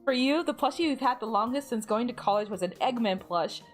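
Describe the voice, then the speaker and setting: A woman's voice: on the high side, animated, brisk, soft background music. A woman from the United States chatting casually while gaming on stream, giggling often and rambling through lots of filler words.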